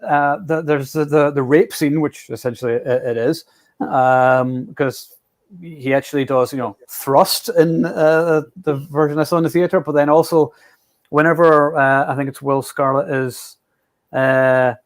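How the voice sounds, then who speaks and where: A man's voice: on the high side, fairly even intonation, a little slow. Scottish male host, casual chat, rambling delivery. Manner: rambling, with many restarts and fillers. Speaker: podcast host.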